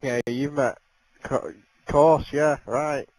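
A man's voice: medium pitch, fairly even intonation, slow pace, darkish tone, no echo, rough recording. A man on a headset in game party chat, throwing crude joking insults. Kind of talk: casual gaming banter.

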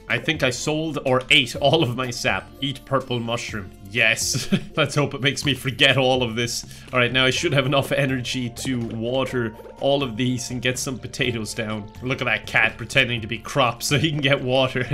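A young Irish man talks over a farming game in a sardonic, self-mocking way and laughs between his lines. His tone is bright and forceful. Game music plays faintly behind him. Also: medium pitch, fairly even intonation, moderate pace. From Ireland. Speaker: gaming YouTuber. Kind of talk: let's play commentary.

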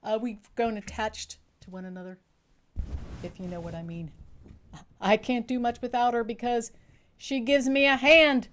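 A woman's voice: fairly high pitch, fairly even intonation, moderate pace, long pauses, a bit bright, slight background noise, pitched above the performer's own voice, close to an everyday voice. A woman voicing a friendly, joking male monkey hand puppet for young children. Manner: jokey, chatty, bouncy.

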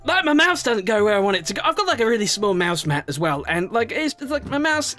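A man doing gameplay commentary, swearing and scolding himself and his character, swinging between yelling and low muttering. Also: big pitch swings, fast, faint music behind. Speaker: gaming YouTuber.

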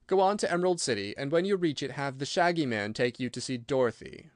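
A man's voice: mid-range voice, lively intonation, quick pace, dry recording, clean studio sound, natural voice. A man voicing a gallant, courteous scarecrow stuffed with straw, polite and eager in a storybook. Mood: courtly.

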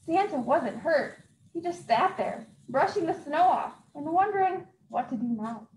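A woman librarian reads to children with a bright, high voice that leaps and dips through every line. She acts out the sound effects with gusto. The sound is roomy and echoey, as in a library hall. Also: measured pace. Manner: highly expressive, acting out sound effects. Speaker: youth services librarian. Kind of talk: children's story time read-aloud. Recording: echoey room.

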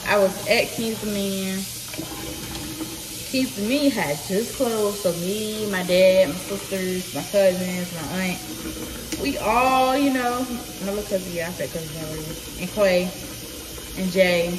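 A young woman tells a personal story to her viewers in a slow, halting way, full of fillers. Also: medium pitch, noisy background. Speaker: vlogger. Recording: echoey room from a distance, running water.

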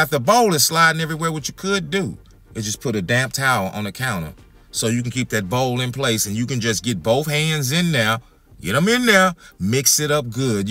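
A man's voice: medium pitch, pushed and bright, dry recording. A man hosting a home cooking demonstration in his kitchen, talking folksy and calling his viewers y'all and family. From Texas. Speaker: home cooking channel host.

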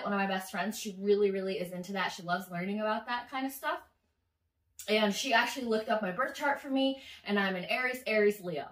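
Woman vlogger, bright and chatty, casual storytelling, slightly off-mic in a roomy space. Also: medium pitch, recorded from a distance. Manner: chatty, animated, swears freely. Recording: echoey room, voice slightly off-mic.

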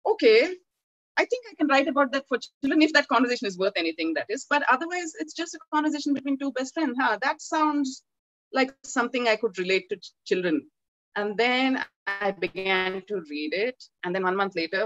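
A woman gives a talk as an author and tells stories by acting out the dialogue in lively quoted voices. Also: on the high side, a little fast, no room sound, lo-fi sound. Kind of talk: animated storytelling talk.

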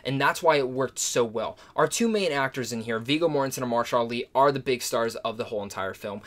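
A man's voice: medium pitch, fast, a bit bright. Enthusiastic man reviewing a film. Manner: enthusiastic and gushing. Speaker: movie reviewer. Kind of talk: casual spoken film review.

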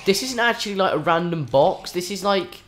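A man's voice: sits high, lively intonation, normal speed, a bit bright, a little hiss or hum. A man commentating his own game live, swearing often, with frustrated outbursts and panicked yelps. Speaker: gaming channel host.

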